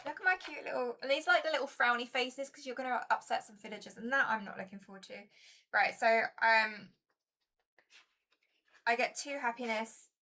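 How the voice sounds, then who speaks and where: A woman's voice: fairly high pitch, moderate pace, pushed and bright. A woman chatting casually to her viewers while playing a board game, chatty and self-mocking.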